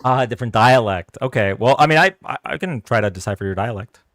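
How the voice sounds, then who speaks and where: A man's voice: mid-range voice, animated, fast, a bit bright, no room sound. A man hosting a live political debate stream, talking casually and hesitantly with many fillers and restarts.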